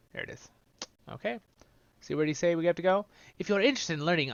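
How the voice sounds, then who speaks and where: A man's voice: a little high, gravelly, fairly bright tone, no echo, highs cut off. A man hosting a let's-play, chatting directly to his viewers. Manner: chatty, talks straight to viewers. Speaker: host. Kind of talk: let's-play game commentary.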